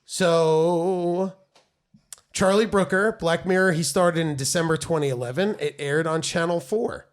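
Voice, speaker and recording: A man's voice: a little high, unhurried. A man co-hosting a podcast in casual chat, playful and jokey, laughing often. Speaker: podcast co-host; voice-over artist.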